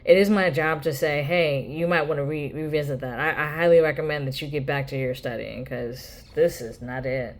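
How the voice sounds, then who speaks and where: A woman's voice: sits low, fairly even intonation, moderate pace, hardly any pauses. A woman ranting bluntly in a casual vlog monologue, swearing freely. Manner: blunt, profane rant with mocking quoted voices. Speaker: vlogger.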